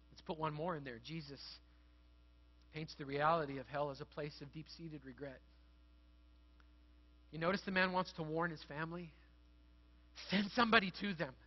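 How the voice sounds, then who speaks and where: A man's voice: high voice, dull audio. A middle-aged man preaching a sermon as pastor, telling stories in a conversational way and building to earnest emphasis.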